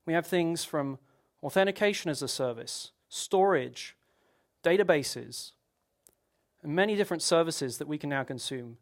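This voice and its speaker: A man's voice: on the high side, animated, normal speed. A man giving a technical conference talk, explaining at length with rhetorical questions and frequent restarts. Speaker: conference speaker.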